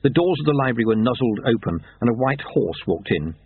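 A man reading a story aloud in a dry, measured narration, over tinny narrowband audio. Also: medium pitch, animated, slightly rough, dry recording.

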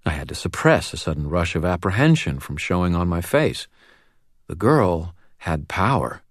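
A man reading a first-person audiobook with an expressive, wry delivery. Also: sits low, normal speed, no echo, studio quality. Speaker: audiobook narrator.

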